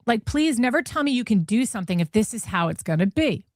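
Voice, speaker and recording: Woman reading out texts, kinda high voice, dry close sound, laughs a lot. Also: big pitch swings, quick pace, no room sound. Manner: incredulous, laughing. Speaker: commentary host. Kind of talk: reading texts aloud with commentary.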